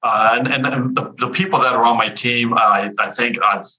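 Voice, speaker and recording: A man in his fifties with a very bright, forward tone tells stories as a podcast guest. He talks with energy, often repeating words and restarting his sentences. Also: mid-range voice, normal speed, poor audio. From Houston area, US. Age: 50s. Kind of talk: casual storytelling interview.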